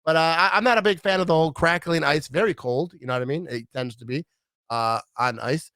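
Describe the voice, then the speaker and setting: A man's voice: fairly high pitch, a little fast, no echo, clean studio sound. A middle-aged man from Wisconsin rambling casually in a vlog, acting out what others said. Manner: rambling, animated, acts out quoted voices. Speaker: vlogger.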